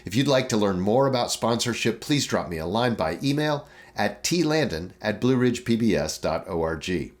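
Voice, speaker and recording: A man presenting a calm, measured scripted on-air appeal for a public broadcaster before a show. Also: lowish voice. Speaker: station presenter.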